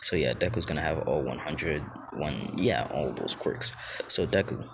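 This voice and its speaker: Man, low-voiced rambling storyteller; outdoor phone take with clear noise. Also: moderate pace. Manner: rambling, heavy on filler words. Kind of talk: improvised fan-story narration. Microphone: phone held close to mouth.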